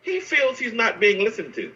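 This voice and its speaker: A man argues in a casual talk-show debate, his voice bright and sharp and his pitch swinging widely. He acts out quotes in put-on voices. He sounds set back from the mic, with a dull, muffled radio-like tone. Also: huge pitch swings, normal speed, far from the mic, slight background noise. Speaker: co-host.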